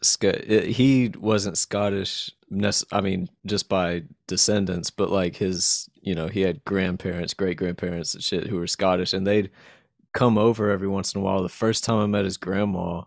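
A man's voice: sits low, steady tone, normal speed, gravelly, no room sound, clean studio sound. A man hosting a podcast, chatting casually and laughing easily. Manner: laughs often, easygoing. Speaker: podcast host.

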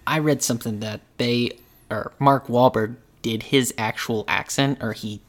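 Brief: male podcast host, mid-pitched voice, eager and opinionated, loose chat. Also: fairly even intonation, unhurried. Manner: enthusiastic, opinionated, casual. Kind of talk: casual chat.

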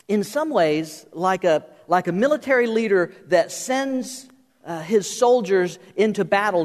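Middle-aged male pastor, high voice, chatty sermon delivery, long reverb of a church hall. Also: darkish tone. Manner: conversational, addresses congregation directly.

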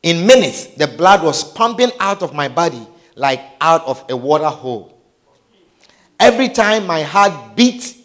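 A high-pitched man tells a dramatic personal testimony, his delivery swinging between hushed and shouted.

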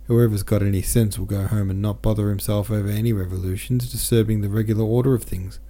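A man's voice: lowish voice, steady tone, quick pace, dark tone, lightly acted. A man reading a curt, stern merchant consul. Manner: curt, scolding. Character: stern middle-aged merchant consul, short-tempered.

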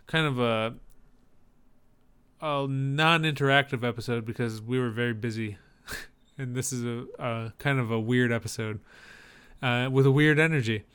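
A man's voice: mid-range voice, fairly even intonation, normal speed, fairly bright tone, clear, resonant tone. A man hosting a podcast in casual chat, wry and upbeat. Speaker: podcast host.

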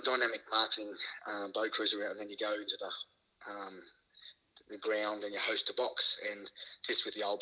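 Middle-aged Aussie ex-footballer as a guest, very bright and forceful, laughing, playing out every quote. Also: male voice, breathy edge, low-quality recording. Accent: Australian. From Queensland, Australia. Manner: laughs often, acts out quoted lines with rising pitch. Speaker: guest, former rugby league player. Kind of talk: casual storytelling.

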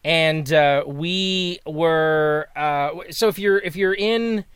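A man co-hosting a casual chat, rambling with many restarts and dropping deadpan jokes over a video call. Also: fairly high pitch, slow pace, clear, resonant tone, dry recording, clean studio sound. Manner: rambling, self-interrupting, playful deadpan jokes. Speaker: guest co-host.

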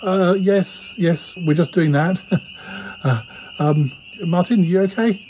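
A man's voice: sits high, slow, darkish tone, a little hiss or hum, poor audio. A man hosting a comedy podcast, talking in a flustered, stammering way. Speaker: podcast host. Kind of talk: comedic improvised chat.

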